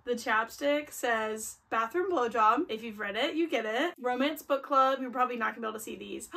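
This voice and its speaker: A young woman chatting in a bubbly, gushing vlog style, full of quick excited exclamations. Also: fairly high pitch. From United States. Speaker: book vlogger. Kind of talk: casual vlog chat.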